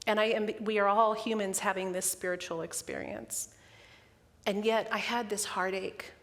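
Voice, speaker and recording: A woman's voice: medium pitch, steady tone, normal speed, fairly bright tone. A middle-aged woman minister giving a candid, personal sermon, emotional and close to tears. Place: church sanctuary. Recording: long hall reverb.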